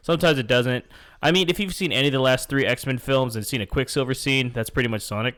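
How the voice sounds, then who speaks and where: A man's voice: medium pitch, fast talker, a bit bright. A man co-hosting a podcast, chatting casually about a movie, with a lingering cough, swearing freely and laughing often. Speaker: podcast co-host. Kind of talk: casual movie review chat.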